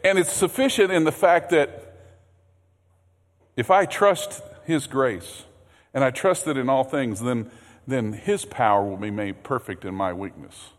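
A man preaching a sermon as pastor, earnest, repeating words, swinging from loud emphasis to hushed low passages. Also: measured pace. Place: church sanctuary. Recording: long hall reverb.

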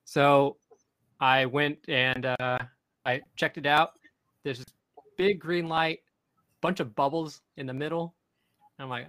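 A young man hosts a casual podcast, his voice bright and forceful and sitting a little high. He tells his story in an excited, rambling way, often restarting his sentences. The sound is dry and close. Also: slow pace, pauses often, no echo, low-quality recording. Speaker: podcast host.

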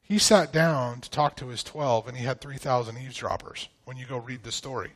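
A man's voice: mid-range voice, a little fast, fairly bright tone. A man from the northern United States, a guest pastor giving a sermon in a casual, conversational way and putting questions to the congregation.

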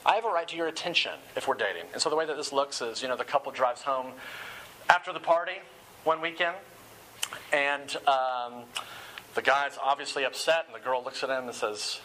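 A man's voice: medium pitch, fairly quick, pushed and bright, slight background noise, rough recording. A man giving a sermon-style talk, often repeating words as he starts phrases.

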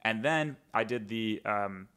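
A man's voice: on the low side, slow pace, sharp tone, clean tone. A man hosting a podcast interview, asking questions with an enthusiastic, admiring manner. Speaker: podcast host.

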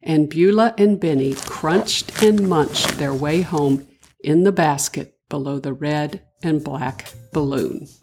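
An older woman, a grandmother, narrating a children's story in a gentle, sing-song way with a breathy voice. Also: low-pitched, slow.

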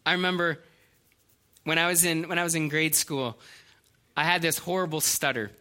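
High, bright-voiced preacher man. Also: steady tone, normal speed, clear, resonant tone. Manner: earnest storytelling preacher, slight hesitations and restarts. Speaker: pastor. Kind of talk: sermon.

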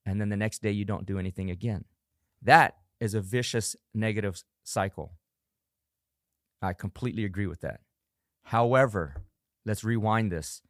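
Earnest lower-voiced man, dry sound. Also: moderate pace, long pauses, no echo. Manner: earnest, emphatic, acts out harsh self-talk in bursts. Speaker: podcast host; coach and parent. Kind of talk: solo motivational podcast talk.

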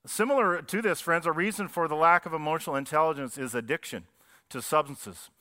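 A man's voice: a little high, fairly quick, pushed and bright. A man preaching a sermon as pastor, talking conversationally and asking the congregation questions. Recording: long reverb of a church hall.

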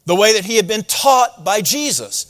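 A man's voice: high voice, very animated, normal speed, fairly bright tone, long reverb tail. A man preaching a sermon, teaching through a Bible passage in a conversational way and asking his listeners rhetorical questions. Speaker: pastor.

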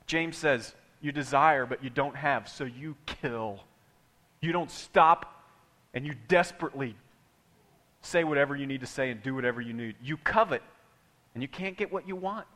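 A middle-aged man preaching a sermon, telling stories in an animated way and acting out quotes. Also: a little high.

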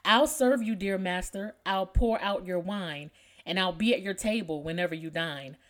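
A woman voicing an eager, flattering silver urn in a read-aloud poem. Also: fairly low pitch, normal speed, lightly acted.

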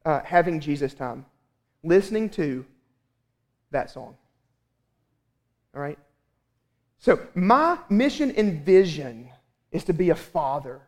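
A man in his thirties preaching a sermon as pastor, telling a family story with lively, animated asides. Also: high-pitched. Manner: animated storytelling, acts out his own exasperation.

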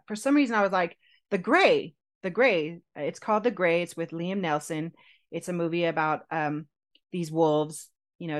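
A woman with a fairly low voice tells a personal story on a podcast. She is animated and chatty, and she laughs often. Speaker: podcast co-host telling her proposal story. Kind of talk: casual storytelling chat.

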